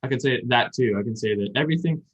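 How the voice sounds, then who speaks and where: A man's voice: medium pitch, quick pace, highs cut off. Rambling man explaining Japanese words. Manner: rambling, explains with many fillers and restarts. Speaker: podcast co-host. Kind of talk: casual chat about learning Japanese.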